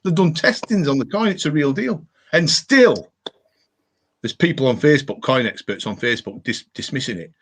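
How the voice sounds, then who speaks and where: A man's voice: medium pitch, expressive, normal speed, slight background noise. A middle-aged man from England hosting a live chat show, talking in a blunt, matey way and swearing freely. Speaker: host of a live detecting show. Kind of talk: casual live-stream chat.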